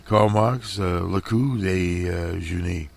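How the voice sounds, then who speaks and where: A man hosting a radio program, talking slowly through headlines with many fillers and restarts, his voice strained. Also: low voice, gravelly, a little mellow. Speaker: radio host. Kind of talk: casual commentary over headlines.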